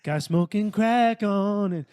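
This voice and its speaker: Quipping man chiming in, slightly high. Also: takes it slowly, a little mellow, clear, resonant tone, no echo. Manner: chimes in with short quips and ad libs. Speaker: podcast guest. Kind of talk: casual comedic banter.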